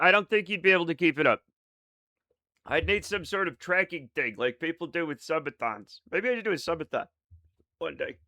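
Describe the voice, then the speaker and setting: A man with a fairly high, bright voice, chatting to his stream in a rambling, excitable and self-mocking way. His pitch swings widely, and the sound is dry and close. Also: no echo. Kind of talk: casual live-stream chat with viewers.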